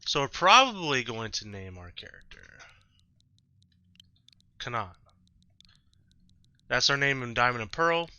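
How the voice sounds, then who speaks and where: A man's voice: medium pitch, big pitch swings, unhurried, pauses often, pushed and bright, a little hiss or hum. A man hosting a let's-play, rambling through casual gameplay commentary at home and often correcting himself. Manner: rambling, self-correcting, chatty. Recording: slightly dull lo-fi mic.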